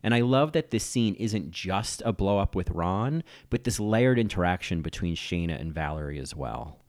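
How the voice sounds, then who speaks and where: A man's voice: deep voice, lively intonation, moderate pace, a little mellow. A man narrating a scripted video essay as a TV critic, analytical and admiring.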